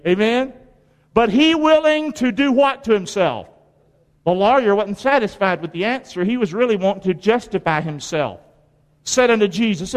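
A man preaching with a high, lifted voice. He talks in a lively call-and-response manner, tossing questions out to the room. His voice carries a long reverb from a large hall. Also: moderate pace. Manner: animated, call-and-response, frequent "Amen?". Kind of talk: sermon.

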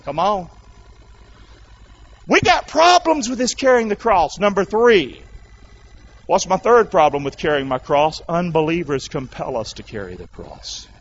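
A male pastor preaching a sermon, calling out to the congregation and rising to shouts. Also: high-pitched, very animated, a little slow, breathy edge, lo-fi sound. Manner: loud call-and-response preaching, rising to shouts.

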